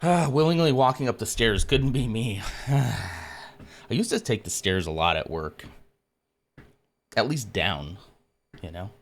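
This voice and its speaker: A man's voice: medium pitch, lively intonation, a little slow, pauses often. A man hosting a casual live stream, chatting with viewers and out of breath from exercise. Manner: chatty, self-mocking, greets viewers by name. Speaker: livestream host.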